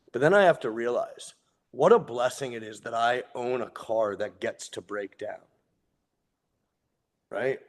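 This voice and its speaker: A man in his thirties giving a sobriety meeting share, earnest and heartfelt, candid and quick to swear. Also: medium pitch, creaky. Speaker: guest speaker sharing his recovery story.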